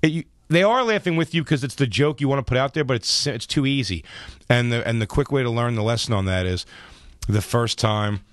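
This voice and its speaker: A man who is a comedian, telling profane, animated stories as a radio studio guest. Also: mid-range voice, a little fast, no echo. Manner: profane, animated anecdotes with laughs. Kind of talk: radio interview storytelling. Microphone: studio microphone.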